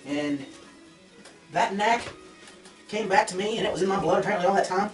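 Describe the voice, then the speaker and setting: A man's voice: sits high, brisk, over music. A young man, a trapper, casually telling a story to his viewers, rambling and correcting himself as he goes. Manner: rambling, self-correcting, addresses viewers directly. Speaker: trapper vlogger. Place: fur shed. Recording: echoey shed, voice from far off.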